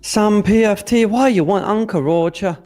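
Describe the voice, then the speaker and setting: A man putting on a brash comic uncle impression, scolding in loud broken English. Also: high voice, moderate pace, soft background music, voice pushed up, natural voice. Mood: mocking. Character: brash comedic Asian uncle persona, mocking.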